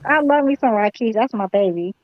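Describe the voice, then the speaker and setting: Fast-talking woman in lo-fi voice chat. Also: fairly high pitch, lively intonation, dry recording. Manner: chatty, slangy, profane. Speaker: panelist on an online boxing chat. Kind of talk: casual group chat.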